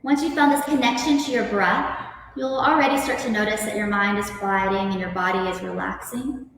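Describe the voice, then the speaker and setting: A woman yoga instructor speaking calmly, gently guiding breathing and stretches. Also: mid-range voice, fairly quick, very echoey, big-room sound, distant mic, a little hiss or hum, rough recording. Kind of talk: guest interview then guided yoga instruction.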